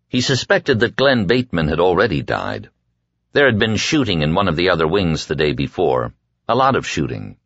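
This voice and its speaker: Deep-voiced male audiobook narrator. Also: very animated, no room sound, lo-fi sound. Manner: measured storytelling, quietly voicing dialogue. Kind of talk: scripted narration.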